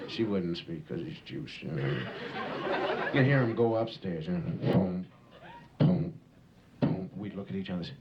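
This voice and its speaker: A man's voice: deep voice, lively intonation, normal speed, pauses often, a loud crowd. A man doing stand-up, telling loose, rambling stories full of "you know", on a muffled home tape of a live show with audience and hiss. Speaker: stand-up comedian. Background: audience laughter and tape hiss.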